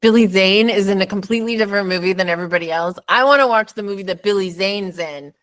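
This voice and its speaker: A woman with a medium-pitched voice talks fast as she hosts a podcast, chatting casually about a movie. She's animated, laughs often, and puts on mocking voices.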